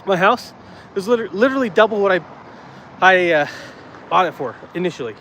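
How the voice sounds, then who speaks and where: A man's voice: high voice, expressive, fairly quick, fairly bright tone. Male vlogger, casual walk-and-talk on a phone outdoors, a bit breathless, light traffic sounds behind. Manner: chatty, rambling, easily worked up. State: slightly out of breath from walking uphill. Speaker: vlogger chatting with live viewers. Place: outdoors on city streets. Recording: faint street noise outdoors.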